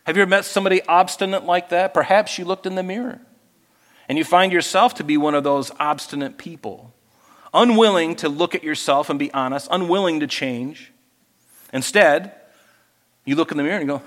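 A man preaching a sermon as pastor, lively and animated, acting out people he quotes. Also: brisk, long reverb tail. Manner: animated, acts out quoted people in higher voices.

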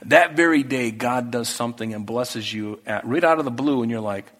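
A man preaching a sermon, talking through the text in a conversational way that moves from hushed to emphatic. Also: medium pitch, a little fast, few pauses. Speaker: pastor. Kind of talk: expository sermon. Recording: echoey hall with long reverb.

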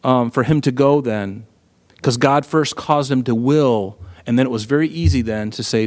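A middle-aged man preaching a sermon in a conversational, animated way, full of rhetorical questions. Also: mid-range voice, moderate pace, big-room sound. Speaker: pastor.

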